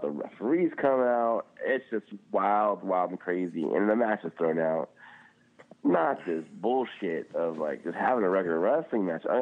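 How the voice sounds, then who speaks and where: A man co-hosting a podcast, ranting casually and swearing often, with lots of "like" fillers. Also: fairly low pitch. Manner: animated, swearing, frequent "like" fillers. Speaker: podcast co-host. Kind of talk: casual chat. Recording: tinny phone-like line.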